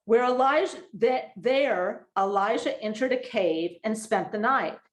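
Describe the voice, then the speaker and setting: A woman's voice: a little high, lively intonation, measured pace. A woman co-leading a teaching sermon, explaining in a conversational way with frequent restarts. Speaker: co-preacher. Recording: roomy echo.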